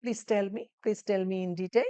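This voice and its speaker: A woman voicing a gentle, reassuring nurse in an emergency ward, speaking in a slow sing-song way. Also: mid-range voice, steady tone, smooth, dry recording, pitched above the performer's own voice, lightly acted. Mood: polite. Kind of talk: role-play demonstration.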